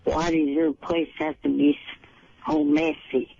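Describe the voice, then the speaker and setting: A man on the phone voicing a cowboy landlord in a put-on Western drawl, slow and folksy. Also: on the high side, level tone, creaky, mellow, exaggerated voice. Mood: scolding. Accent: put-on American Western drawl. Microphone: telephone. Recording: dull, dry phone line.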